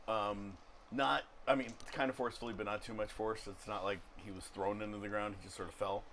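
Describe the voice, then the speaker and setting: A man narrating and ruling as game master of a tabletop role-playing session, in a loose, unhurried way with frequent fillers. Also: fairly low pitch, fairly even intonation, fairly bright tone, slight background noise.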